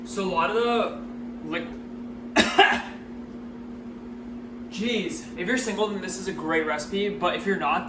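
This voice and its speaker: A man with a fairly high voice chats playfully through a home cooking vlog and jokes with his viewers. He sounds a little far from the mic in a roomy, echoing kitchen, with faint music underneath. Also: background noise. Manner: chatty, playful, jokey asides to viewers. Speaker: cooking vlogger.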